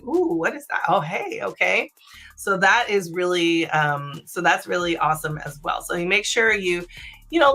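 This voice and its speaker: A woman hosting a casual live-stream of sex advice, chatty, with many fillers and "right?" tags, sometimes dropping into a low, slow voice to make a point. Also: bright, forceful tone. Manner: drops into a low slow voice to demonstrate. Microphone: streaming setup.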